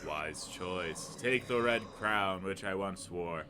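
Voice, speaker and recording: A man voicing an ancient imprisoned male god, speaking slowly in a low, menacing way while reading a game's dialogue. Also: music in the background. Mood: commanding.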